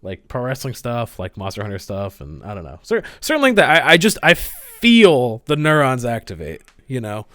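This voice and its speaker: A man with a mid-pitched voice that rises and falls a lot, chatting loosely on a podcast, rambling and swearing casually. The sound is dry and close. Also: wildly swooping pitch, moderate pace, hardly any pauses, bright, forceful tone, no room sound. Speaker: podcast co-host. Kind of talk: casual chat.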